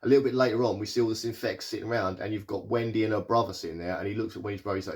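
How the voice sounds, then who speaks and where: Guy rambling through a tv recap, lowish voice, lots of um and like. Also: steady tone. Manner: rambling, lots of fillers and restarts, paraphrases characters in quick asides. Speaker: TV show reviewer. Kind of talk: casual recap and review.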